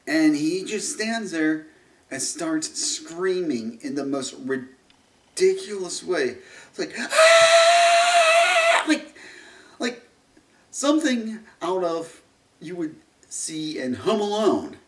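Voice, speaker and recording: A man rants through a movie review in a slow, rambling way, stopping and restarting, with a sarcastic edge and a voice that swings widely in pitch. He sounds far from the mic, in a roomy, echoing space. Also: very animated, a little hiss or hum. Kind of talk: ranting film review vlog. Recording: roomy echo, distant mic.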